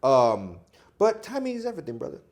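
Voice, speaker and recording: A man from Chicago, an actor guest on a casual podcast, telling animated stories and acting out quotes with frequent laughter. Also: on the high side, fairly quick. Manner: animated storytelling, acts out quotes, laughs often.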